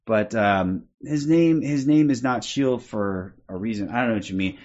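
A man's voice: lowish voice, normal speed, a little mellow, muffled recording. A man hosting a livestream and ranting in an agitated, profane way, often tacking "okay?" onto his lines. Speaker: livestream host.

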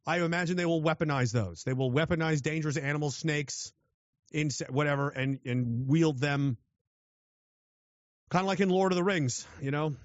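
A man's voice: medium pitch, no echo, lo-fi sound. A man from western Canada, ranting sardonically and profanely while reading chat on a livestream. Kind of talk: rambling livestream rant.

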